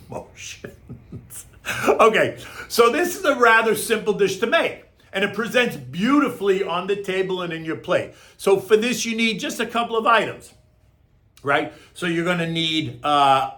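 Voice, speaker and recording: A man's voice: on the high side, sharp tone. A middle-aged man giving casual market commentary and then a recipe, chatty and emphatic, often asking "right?". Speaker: market commentator and home cook.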